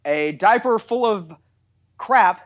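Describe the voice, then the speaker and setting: A man hosting a casual podcast chat, jokey and expressive, riffing on the story with comic comparisons. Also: sits high, takes it slowly, dull audio. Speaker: podcast host.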